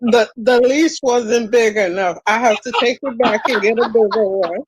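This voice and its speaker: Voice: medium pitch, moderate pace, breathy edge, dry recording, poor audio. A panelist on a casual live stream, trading playful banter with the host.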